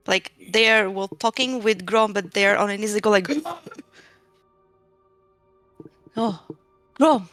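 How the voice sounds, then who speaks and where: A woman's voice: mid-range voice, level tone, brisk, few pauses, a bit bright, faint music behind. A woman playing a tabletop game and describing her character's actions in chatty speech full of fillers. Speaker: player. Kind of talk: casual tabletop role-play.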